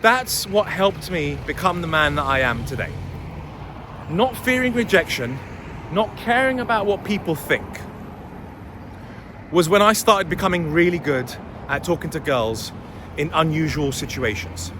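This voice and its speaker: A man's voice: a little high, animated, a little slow, noisy background. A young man giving blunt, opinionated dating advice in a casual vlog, swearing freely, recorded outdoors on a city street. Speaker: dating and life coach.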